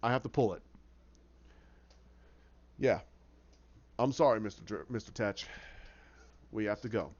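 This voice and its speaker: A man's voice: fairly low pitch, a little slow, pauses often, darkish tone, pitched below the performer's own voice. A man voicing a firm, apologetic business official, on a dull lo-fi recording.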